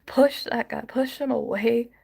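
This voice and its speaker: A woman's voice: fairly high pitch, fairly even intonation, a little slow, vocal fry, a little mellow, slightly rough. A woman crying as she vents in a vlog, sighing and dropping into whispers. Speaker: vlogger. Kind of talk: emotional vlog rant.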